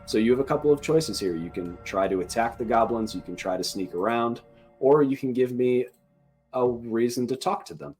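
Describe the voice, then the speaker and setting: A man narrating as dungeon master in a joking, relaxed manner. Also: mid-range voice, moderate pace, soft background music. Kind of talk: narrating a tabletop game.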